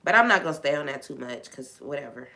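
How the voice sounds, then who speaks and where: A woman's voice: low voice, lively intonation, fast talker, creaky, sharp tone. A woman hosting a faith talk on a live stream, venting frankly and swearing freely.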